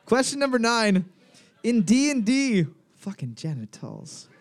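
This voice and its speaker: With slight background noise behind him, a man hosts a live trivia night for a podcast in a very high-pitched voice that swings widely in pitch, keeping a measured pace. He reads questions, teases the players with jokes, and laughs often.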